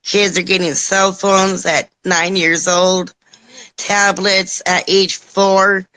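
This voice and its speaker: A woman's voice: medium pitch, flat delivery, slow pace, sharp tone, rough recording. A woman in her thirties chatting as co-host on a casual live talk show over a video call, chatty and laughing often.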